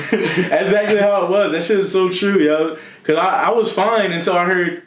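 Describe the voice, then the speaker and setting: A man's voice: on the high side, fairly even intonation, unhurried. A young man from Philadelphia, a podcast co-host with that city's accent, telling a personal story in a candid, casual way, laughing and swearing freely. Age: young adult. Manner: candid, laughing, loose with profanity. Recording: echoey room.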